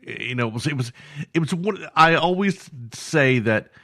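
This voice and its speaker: A man's voice: on the high side, animated, moderate pace, a bit bright. A man hosting a music review show, chatting casually and rambling with self-deprecating jokes, having just woken up. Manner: rambling, self-deprecating, full of fillers and repeats.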